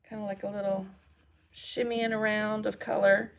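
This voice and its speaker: A woman's voice: medium pitch, fairly even intonation, a little slow, vocal fry, pauses often. A woman hosting a live mixed media art demonstration, chatting and thinking aloud as she works and answering viewer comments. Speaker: mixed media artist and host.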